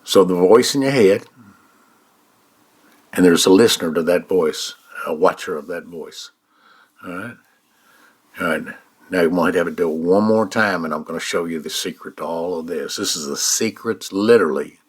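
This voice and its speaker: A man's voice: low voice, husky. A man, guiding an eyes-closed mind exercise in a folksy way, checking in with "all right?" again and again. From United States. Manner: slow, soft-spoken guidance. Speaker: author teaching a mind exercise.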